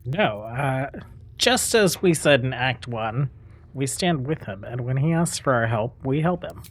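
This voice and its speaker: A man hosting a casual let's-play, musing aloud as he plays, with a relaxed tone. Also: mid-range voice, a little slow. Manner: relaxed, musing, with many fillers. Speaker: gameplay host.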